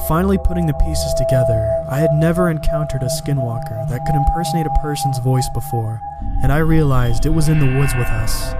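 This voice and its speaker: A man telling a first-person horror story in a steady, measured reading. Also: mid-range voice. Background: music.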